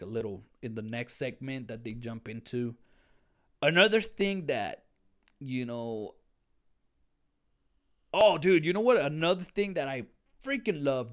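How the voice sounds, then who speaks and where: A man giving a casual, excitable review of a TV episode, rambling and slangy, often saying "dude". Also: medium pitch. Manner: excitable, with many restarts.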